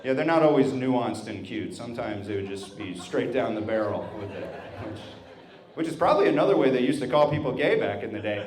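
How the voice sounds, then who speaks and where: Animated and fairly quick, a man in his 30s does stand-up at a brewery before a live crowd, his medium-pitched voice a bit dark in tone. He jokes in a wry, conversational way, often at his own expense, and the room echoes with the audience.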